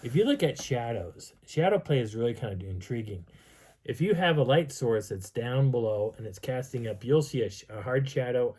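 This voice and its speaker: Husky, lively man telling a story. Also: mid-range voice, normal speed. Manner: lively, acts out sounds and dialogue. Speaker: vlogger telling a field story. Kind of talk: animated personal storytelling.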